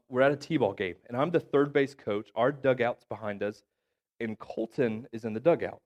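A man in his thirties with a cough, preaching a conversational sermon as a pastor and checking in with the congregation after nearly every point. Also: mid-range voice. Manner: chatty, keeps checking in with "okay?" and "right?". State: has a cough.

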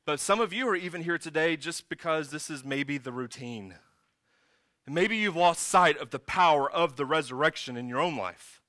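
A bright, high-pitched male pastor delivering a sermon in a conversational, storytelling way. He jumps into emphatic bursts, and his voice sits close and dry on the mic. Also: dry recording. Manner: conversational, animated storytelling with sudden emphatic rises.

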